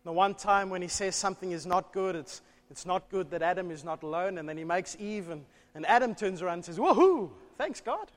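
A man preaching a sermon in church, telling a story with animated delivery and rhetorical questions. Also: high-pitched, brisk, hardly any pauses. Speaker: pastor. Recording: long church reverb.

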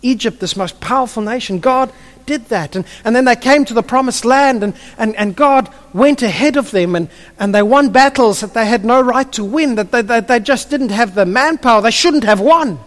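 A man's voice: very high-pitched, normal speed, fairly bright tone. A man preaching a sermon, telling the stories vividly and often repeating his first words as he restarts. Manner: stammering restarts, vivid storytelling. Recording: long hall reverb.

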